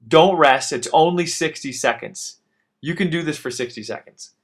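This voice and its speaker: A man's voice: a little high, normal speed. Breathless man coaching a workout. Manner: urgent encouragement, breathless after exertion. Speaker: fitness instructor.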